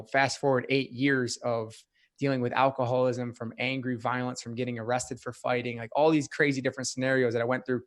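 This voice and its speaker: An earnest young man recounts his past as an interview guest. He speaks casually, filling pauses with "like", at an average pitch. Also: a bit bright. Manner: earnest, frequent "like" fillers. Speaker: podcast guest. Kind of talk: personal storytelling interview.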